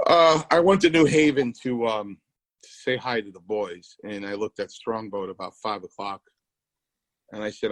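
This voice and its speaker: A man's voice: lowish voice, normal speed, fairly bright tone, no room sound, rough recording. A man co-hosting a podcast, a former wrestler telling rambling stories with restarts and quoted dialogue. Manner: rambling anecdotes with restarts, quoting others. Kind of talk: casual storytelling.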